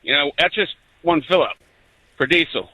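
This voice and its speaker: A man's voice: fairly high pitch, lively intonation, normal speed, pushed and bright, no echo, low-quality recording. A man, a truck driver calling in, easygoing and rambling with many fillers. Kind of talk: call-in conversation.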